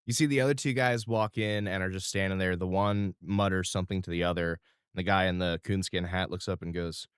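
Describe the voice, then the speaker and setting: A man's voice: low voice, steady tone, fairly quick, smooth, no echo, studio quality. A man narrating as game master in a loose, descriptive way, with fillers.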